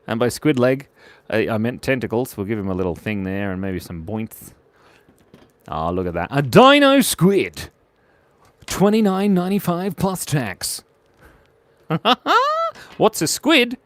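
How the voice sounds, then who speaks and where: Giggly Australian man with lively pitch. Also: dry recording. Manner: playful and giggly, joking with viewers. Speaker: host of a live drawing stream. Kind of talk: casual live drawing chat.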